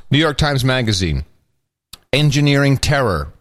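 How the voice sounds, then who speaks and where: A man's voice: mid-range voice, animated, moderate pace, fairly bright tone, no echo. A man co-hosting a podcast, talking with sarcastic mock outrage. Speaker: podcast co-host. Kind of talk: casual commentary chat.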